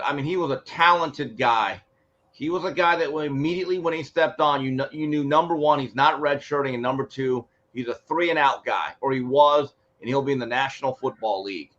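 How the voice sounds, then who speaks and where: A man on a sports talk show, telling stories and acting out quotes with lively energy. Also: a little high, a little fast. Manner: animated storyteller acting out quotes. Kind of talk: casual sports talk, storytelling. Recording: muffled lo-fi sound.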